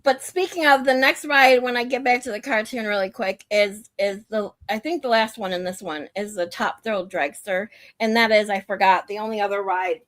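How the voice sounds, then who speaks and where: A woman's voice: mid-range voice, steady tone, moderate pace, few pauses, a bit bright. A woman hosting a stream, chatting casually in a rambling, conversational way with frequent laughs. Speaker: streamer host. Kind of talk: casual chat.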